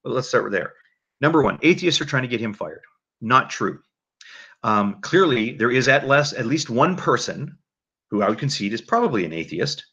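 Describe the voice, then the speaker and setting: A man hosting a casual livestream commentary, rambling and animated, with frequent restarts. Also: mid-range voice, moderate pace, husky. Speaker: livestream host. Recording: dull lo-fi mic.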